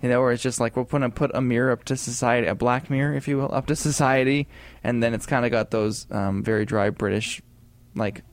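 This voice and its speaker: A man co-hosting a casual gaming podcast, talking in a chatty, rambling way with animated asides. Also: medium pitch, a little fast, clear, resonant tone, no echo. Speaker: podcast co-host.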